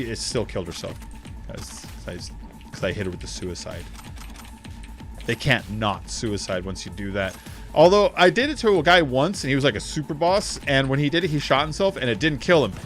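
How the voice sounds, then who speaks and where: A young man streaming a video game, chatting in a rambling, excitable way and swearing freely. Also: mid-range voice, normal speed, faint music behind. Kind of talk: casual gaming commentary.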